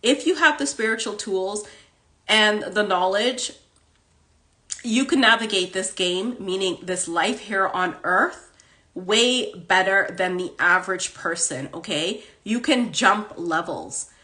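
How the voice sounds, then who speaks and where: A woman's voice: mid-range voice, takes it slowly, bright, forceful tone. A woman hosting a casual spiritual livestream, chatty and full of "like" and "okay?", talking into a phone. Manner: chatty, fills speech with "like" and "okay?". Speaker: host.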